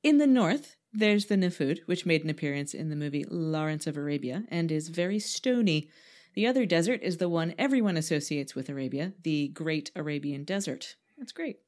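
A woman hosts a podcast, reading her script with playful, self-mocking jokes. Her voice sits on the low side, and her intonation swings widely and animatedly. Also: animated, brisk, darkish tone. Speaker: podcast co-host. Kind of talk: reading a script with joking asides.

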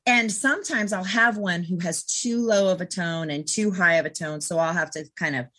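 Bright-voiced woman dog trainer. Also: fairly low pitch, normal speed. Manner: lively, acts out commands and client voices. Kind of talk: casual conversation.

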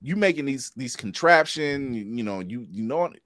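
A man's voice: medium pitch, lively intonation, moderate pace, fairly bright tone, dry recording. A man co-hosting a casual pop-culture podcast, his voice rising and falling with lots of animation. He laughs often and acts out the lines he quotes. The sound is dry and close. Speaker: podcast co-host. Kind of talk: casual review chat.

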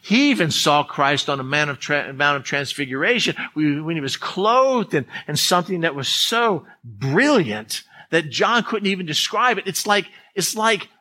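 A man delivers an earnest, emphatic sermon from the pulpit. His voice sits a little high and rings bright and forceful, and he often restarts phrases as he presses a point. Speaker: pastor.

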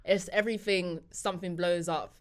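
A young woman joins a relaxed film chat with short, wry interjections. Her voice sits lower than usual for a woman. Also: moderate pace. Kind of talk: casual chat.

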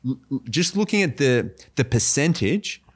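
A man with an Australian accent, a comedian guest chatting casually, animated and slipping into mock voices. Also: mid-range voice, moderate pace, breathy edge. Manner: animated, mimics voices, many restarts. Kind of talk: casual podcast chat.

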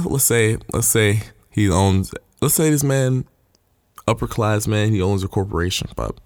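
A man preaches in a plain, low-pitched voice, pressing his points again and again with earnest conviction. He retells old stories in casual everyday words. The sound is close and dry. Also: a little mellow, no echo. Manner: earnest, repeats points for emphasis; retells scripture in everyday terms. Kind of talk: informal sermon.

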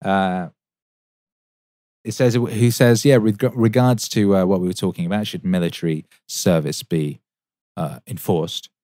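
Low-voiced, rambling man on a livestream. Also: fairly even intonation, unhurried, mellow, dry recording, clean studio sound. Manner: rambling, profane, enthusiastic, lots of fillers. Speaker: musician and show host answering chat. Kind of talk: casual livestream Q&A.

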